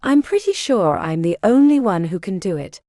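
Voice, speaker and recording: A woman's voice: mid-range voice, very animated, moderate pace, warm tone, no room sound, studio quality, close to an everyday voice. A woman reading the part of a determined young female mage who lays out a battle plan in an audiobook.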